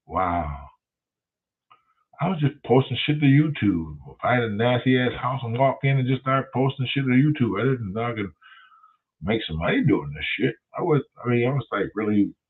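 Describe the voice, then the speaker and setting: A man's voice: mid-range voice, expressive, moderate pace, husky. A man, hosting and telling a story casually, profane and emphatic. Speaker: host. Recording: tinny phone-like sound.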